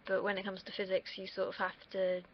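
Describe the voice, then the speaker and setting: A woman's voice: medium pitch, monotone, fast, muffled recording. A young woman from the UK, vlogging in a casual, rambling monologue that wanders off on tangents, with the odd swear word. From United Kingdom.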